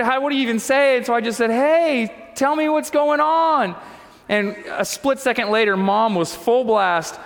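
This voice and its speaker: A man's voice: high-pitched, fairly bright tone, big-room sound. A male pastor preaching a sermon, telling a personal story earnestly and acting out the dialogue.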